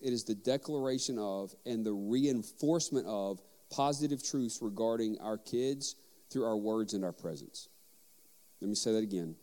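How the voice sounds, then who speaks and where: Man preaching in a reverberant hall. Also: lowish voice. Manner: animated storytelling, acting out dialogue. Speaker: pastor. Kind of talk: sermon.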